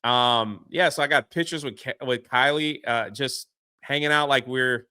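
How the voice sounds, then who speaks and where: A man telling a story as a podcast guest, excitable and quick to act out what others said. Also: mid-range voice, clean tone, dry recording, clean studio sound. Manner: excitable, swears mildly, acts out quotes. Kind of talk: animated storytelling.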